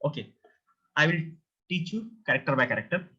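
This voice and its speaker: A man's voice: on the high side, expressive, fairly quick, pushed and bright, husky. A man teaching a beginner language lesson, patiently repeating each word many times and explaining pronunciation step by step. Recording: dull lo-fi recording.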